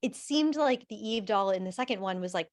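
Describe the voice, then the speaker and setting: A woman's voice: mid-range voice, animated, a little fast, dry recording, studio quality. A woman co-hosting a podcast, chatting casually about movies with lots of laughs and fillers. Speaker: podcast co-host. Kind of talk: casual film review chat.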